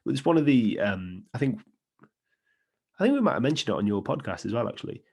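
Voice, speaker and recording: A young Welsh man with a Welsh accent, co-hosting a sports podcast in casual, animated chat. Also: mid-range voice, a little fast, vocal fry, slightly rough. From Wales. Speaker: podcast co-host.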